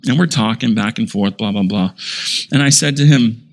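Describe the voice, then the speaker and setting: A man's voice: fairly low pitch, normal speed. Man preacher telling a story. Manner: animated storyteller, self-described sarcastic. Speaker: pastor. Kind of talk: sermon with storytelling.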